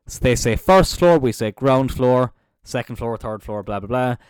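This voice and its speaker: An Irish man, a young adult, hosting a casual solo podcast in an animated, jokey way with plenty of swearing. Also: mid-range voice, moderate pace, smooth, no room sound, studio quality. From Ireland. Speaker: podcast host.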